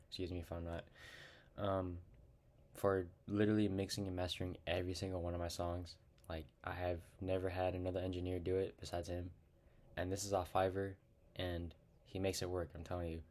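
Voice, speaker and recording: Speaking in a deep, darkish voice, a young man records himself talking to camera about his rap lyrics. It's casual and rambling, full of fillers, hesitations and restarts, and he comes across as awkward and self-conscious on camera.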